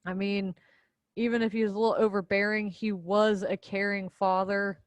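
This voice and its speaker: A woman's voice: medium pitch, flat delivery, moderate pace, dry recording. A young woman casually and playfully summarizing a play for a class video. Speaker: student presenter.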